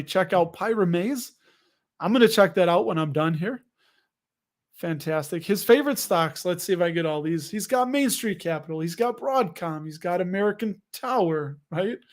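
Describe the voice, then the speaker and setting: A man hosting a casual livestream, chatting with viewers in a jokey, rambling way. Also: high voice. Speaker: host.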